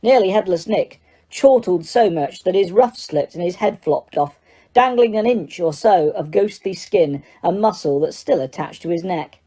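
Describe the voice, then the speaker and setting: A woman narrating an audiobook in a steady reading voice, with the odd stumble. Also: on the low side, moderate pace.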